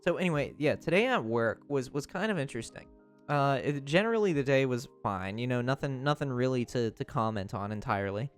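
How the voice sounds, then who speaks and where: A man's voice: medium pitch, animated, fairly quick, faint music behind. A young man livestreaming, telling a story in casual chat, rambling with lots of fillers and restarts.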